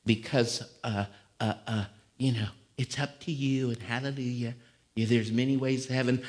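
A man preaching a sermon in a church. He talks casually, then suddenly belts out fiery, shouted lines. His voice sits at an ordinary male pitch. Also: normal speed. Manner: fiery, shouting bursts between conversational stretches. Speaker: pastor. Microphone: live-streamed service mic.

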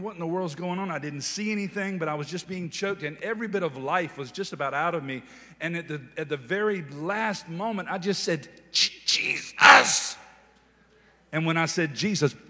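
A fairly high-voiced man preaching a sermon, telling a story with lively animation and rising to loud, emphatic declarations. His voice rings with the long reverb of a large hall. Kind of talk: sermon testimony.

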